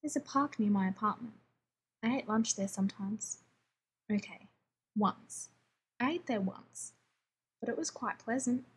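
A woman's voice: a little high, unhurried, long pauses, a little hiss or hum, lightly acted. A woman voicing a grumpy, demanding male scientist who talks in a snappish, sarcastic way, read as part of a story. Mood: sheepish.

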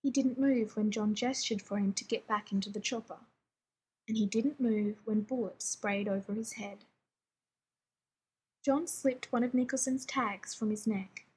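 A woman reading a story aloud in a wry, even way. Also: fairly high pitch, unhurried, breathy edge, poor audio. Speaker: reader.

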